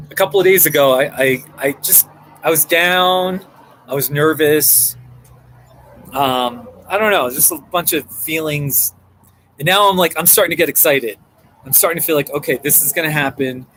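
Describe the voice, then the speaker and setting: A man's voice: a little high, fairly bright tone, a little hiss or hum, rough recording. A man chatting casually on a live stream from a coffee shop, rambling and answering viewer comments. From Colorado.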